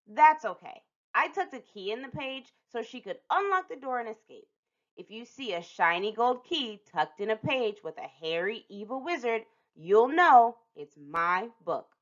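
A woman reading a picture book aloud to children as a storytime host, expressive and lingering on some phrases with dramatic pauses. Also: a little high. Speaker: storytime reader. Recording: dull lo-fi recording.

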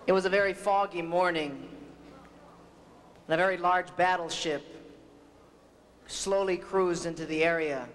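A man's voice: sits high, a bit bright. A male pastor giving a graduation invocation, telling a folksy story before moving into an earnest prayer, recorded on an old, worn videotape. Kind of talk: invocation sermon with a told story. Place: large graduation ceremony venue. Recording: old worn videotape, long hall reverb.

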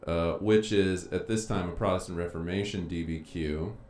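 A man's voice: sits low, moderate pace, a little mellow. A man teaching a casual live-streamed lesson, thinking aloud as he clicks through his files. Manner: chatty, thinking aloud while clicking around. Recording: echoey room with faint noise.

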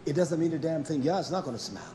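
A man preaching a fiery, scolding sermon, dropping to low mutters and then climbing to loud, pressing exhortation. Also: lively intonation, rapid-fire, slight background noise. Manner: blunt, scolding, with mild cursing.

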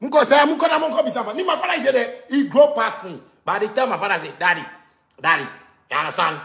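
A man's voice: very high voice, animated, quick pace, echoey room. A man with a Ghanaian accent, delivering an angry rant monologue that mixes pidgin with local-language phrases. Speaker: musician.

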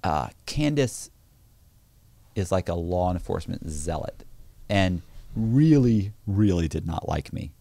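Low-voiced guy on a podcast telling a story, loose and chatty, does the voices of people he quotes, dry close sound. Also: very animated, slow, vocal fry, dark tone, no room sound. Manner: loose, restarting phrases. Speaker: podcast guest. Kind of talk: casual storytelling.

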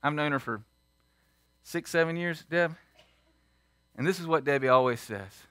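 A man preaching a sermon as pastor, emphatic and full of rhetorical questions, swinging between loud and hushed. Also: on the high side, moderate pace, pauses often, no echo. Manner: asks the congregation many rhetorical questions. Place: church sanctuary.

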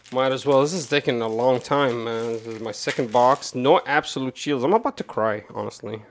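A man giving casual, rambling commentary to his chat while opening card boxes, swearing and jumping from calm talk to loud rants. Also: medium pitch. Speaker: card game streamer.

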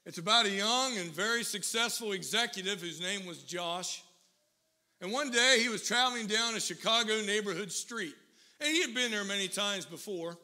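A man preaching a sermon as pastor, telling a story with rising intensity and emphatic pauses. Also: high-pitched, sharp tone. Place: church.

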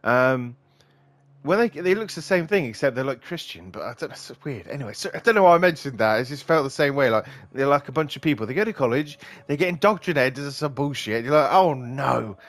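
A man gives loose let's-play commentary, wandering off topic and laughing at his own jokes. His voice sits at an ordinary middle pitch. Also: lively intonation, fast, a bit bright, no echo. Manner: rambling, joking, swearing, laughs often. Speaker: gaming channel host.

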